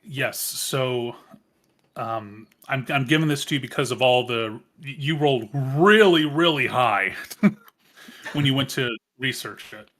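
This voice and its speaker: A man running a tabletop game as game master, unhurried and pausing often between thoughts. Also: medium pitch, a bit bright. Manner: unhurried, with many ums and pauses.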